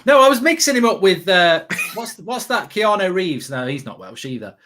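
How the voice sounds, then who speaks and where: A man's voice: high voice, very animated, normal speed, a bit bright, a little hiss or hum. A man hosting a casual football watchalong, chatty and jokey, rambling and reading out live chat comments. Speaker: host.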